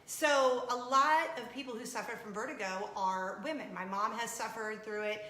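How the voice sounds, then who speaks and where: A woman's voice: a little high, fairly even intonation, normal speed, sharp tone, reverberant, poor audio. A woman, hosting a vlog and telling a personal story in a chatty, confessional way, laughing as she goes. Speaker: vlog host. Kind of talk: casual storytelling to camera.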